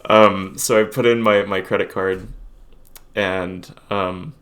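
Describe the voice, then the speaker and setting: A man's voice: low voice, fairly even intonation, slow pace, fairly bright tone. A man in his twenties rambling hesitantly and self-deprecatingly in a casual confessional vlog. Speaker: vlogger.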